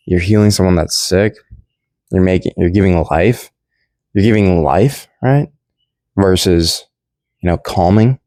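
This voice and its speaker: A man's voice: low-pitched, dark tone, no room sound. A young man rambling through a casual Bible commentary in slangy, laid-back speech full of restarts. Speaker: Bible study vlogger.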